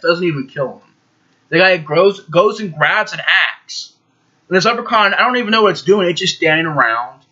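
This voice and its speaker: Bright-voiced man rambling through a movie review. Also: high voice, breathy edge, dull audio. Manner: rambling, emphatic, frequent fillers. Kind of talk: casual spoken movie review.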